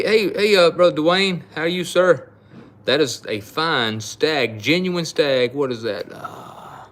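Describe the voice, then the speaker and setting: A man's voice: fairly high pitch, a bit bright. A middle-aged man, hosting a live knife sale and chatting in a folksy, rambling way with his viewers. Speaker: knife shop host. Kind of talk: casual live-stream sales chat.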